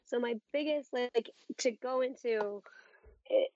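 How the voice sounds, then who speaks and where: A husky-voiced woman in her thirties talks at length in casual podcast chat, earnest and rambling. Her pitch sits a little high. The sound is dry and dull, like a lo-fi home recording. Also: a little mellow, no room sound. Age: 30s. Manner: rambling, earnest, quick asides. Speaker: podcast co-host.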